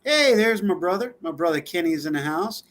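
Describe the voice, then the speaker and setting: A man's voice: high voice, lively intonation, brisk, fairly bright tone. A man co-hosting a live-stream talk show, chatting casually with a loose, laughing, filler-heavy delivery. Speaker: co-host.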